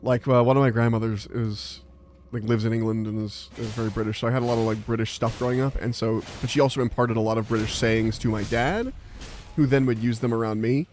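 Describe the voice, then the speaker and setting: A man's voice: mid-range voice, fairly even intonation, fast talker, a little mellow, a little hiss or hum. An American man chatting casually while he streams a game live, rambling with lots of fillers and laughing easily. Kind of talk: live gameplay commentary and chat.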